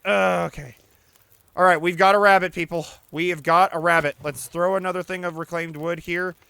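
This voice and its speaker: A man hosting a let's play, commenting casually and getting excitable, swearing and shouting when things go wrong. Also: high voice, moderate pace, gravelly, clear, resonant tone, no room sound. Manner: talks to the player character and the audience.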